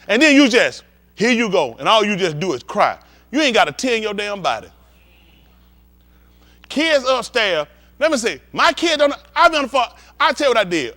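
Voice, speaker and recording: A man's voice: high-pitched, a bit bright. A man, a pastor, telling a comedic, profane story to his congregation, acting out scenes and asking the crowd if they understand.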